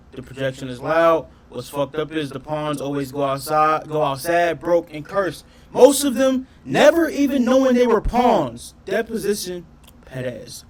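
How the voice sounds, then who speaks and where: A reaction streamer with a slightly high voice gives animated, profane commentary on his channel, frequently throwing questions at his audience.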